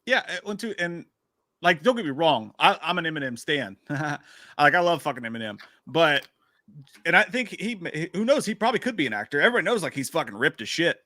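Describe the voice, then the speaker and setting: A man co-hosting a casual movie news stream, reading out items and reacting with laid-back, profane comments. His voice sits a little higher than usual. The sound is dry and close-miked. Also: very animated, a little fast, pushed and bright, no echo. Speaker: podcast co-host reading the news. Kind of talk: casual livestream chat.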